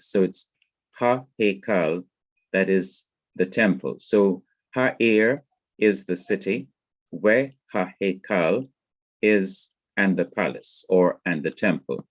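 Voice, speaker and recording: A man's voice: sits low, takes it slowly, no room sound. A man from Jamaica teaching a Hebrew grammar lesson, explaining methodically and often repeating words as he goes. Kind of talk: classroom lecture. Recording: dull, lo-fi dry recording.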